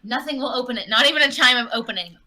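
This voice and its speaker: A woman player in a tabletop game, animated and playful. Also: fairly high pitch, racing, slight background noise. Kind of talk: casual tabletop play.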